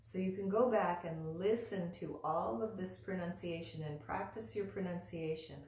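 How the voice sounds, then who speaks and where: A woman teaching mantra pronunciation in a live online lesson, patiently repeating each syllable slowly for her students to practice. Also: lowish voice, a little mellow, roomy sound.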